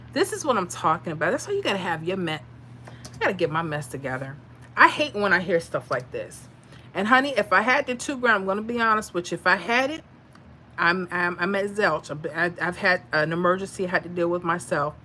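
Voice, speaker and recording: A woman's voice: fairly low pitch, bright, forceful tone, slight background noise. A woman hosting a casual livestream, talking freely with viewers and reacting to their comments. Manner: chatty, reads viewer comments aloud, emotional asides. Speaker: livestream host giving lottery picks.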